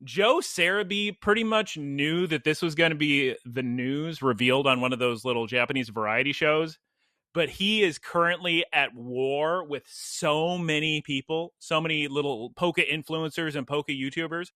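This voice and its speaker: A man's voice: on the high side, moderate pace, pushed and bright, no echo. Young male podcast co-host, chatty storyteller, dry close sound. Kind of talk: casual chat.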